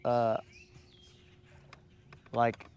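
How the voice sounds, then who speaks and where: A man's voice: extremely slow, darkish tone, no echo, muffled recording. A man chatting casually and joking with slang while fishing from a boat on a lake. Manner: laid-back, slangy, joking. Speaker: fishing vlogger.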